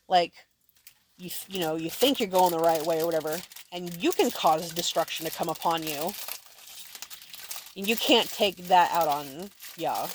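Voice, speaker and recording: A woman teaching her sons scripture at home, reading verses aloud and explaining them plainly, often checking whether they understand. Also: fairly low pitch.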